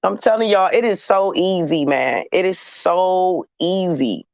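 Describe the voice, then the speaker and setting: A woman's voice: on the low side, animated, unhurried, vocal fry, dry recording. A woman hosting a casual chat with her audience, talking in a blunt, candid and slangy way. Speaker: host talking to viewers.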